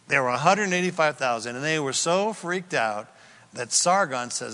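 Male pastor, folksy verse-by-verse preaching, bright voice, long hall echo. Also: fairly high pitch, a little fast. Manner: folksy, animated, with storytelling asides. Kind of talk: expository sermon. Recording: echoey hall.

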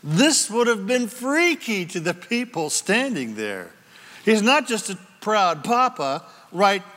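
A man preaching an expository Bible teaching sermon, swinging from booming scripture reading to quiet asides. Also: in a large hall. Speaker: pastor.

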